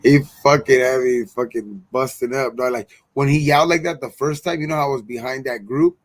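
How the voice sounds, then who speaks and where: A man co-hosting a casual fan show, cursing freely and telling stories with animated energy. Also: medium pitch, a little fast, dry recording. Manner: profane, animated storyteller. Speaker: co-host. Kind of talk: casual sports chat.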